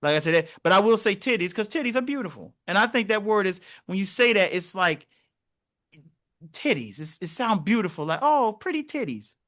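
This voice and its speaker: A man's voice: sits high, fast, few pauses. A young man co-hosting a podcast, telling stories in casual conversation and acting out the voices he quotes. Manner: animated storytelling, acts out quoted voices. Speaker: podcast co-host.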